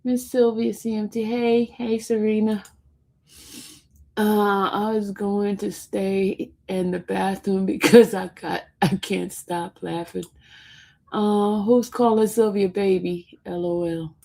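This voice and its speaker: A woman's voice: mid-range voice, fairly even intonation, takes it slowly, vocal fry, dark tone. A woman hosting a casual livestream, laughing often and teasing her chat, sometimes dropping to a whisper. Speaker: livestream host reading chat.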